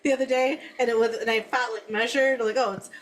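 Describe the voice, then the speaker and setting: A woman's voice: fairly high pitch, fairly even intonation, brisk. A woman co-hosting a podcast, chatting casually in a sympathetic, easygoing way. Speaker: co-host. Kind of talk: casual chat.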